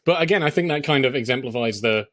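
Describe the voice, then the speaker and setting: A man's voice: mid-range voice, quick pace, dry recording. A man co-hosting a podcast in casual chat, talking animatedly with many fillers and acting out lines from films. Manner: animated, hesitant fillers, acts out quoted lines. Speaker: podcast co-host. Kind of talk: casual film discussion.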